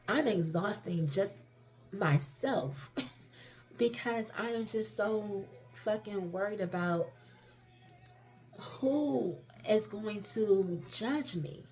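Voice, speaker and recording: Speaking slowly in a mid-range, darkish voice, a woman shares personal reflections in a casual vlog-style monologue. She's frank and introspective, swears liberally, and often restarts or fills pauses.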